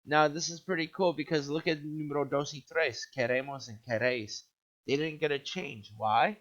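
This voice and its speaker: A man's voice: on the high side, fairly even intonation, moderate pace, fairly bright tone. A male Spanish teacher giving an upbeat video lesson, checking in with "okay?" and quizzing the viewer. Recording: dull lo-fi recording.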